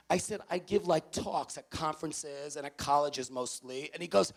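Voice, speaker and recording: A man's voice: fairly high pitch, a little fast, vocal fry, few pauses. A man from New City, a motivational speaker telling a story to students and acting out each character's voice. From New York City. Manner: animated, acts out every character's voice. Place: large hall with audience.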